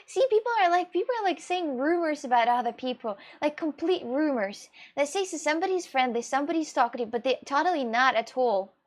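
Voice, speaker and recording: A woman from Russia with a Russian accent, a streamer chatting casually as she answers viewer questions, rambling and expressive, often laughing and swearing. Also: high voice, a little fast, hardly any pauses.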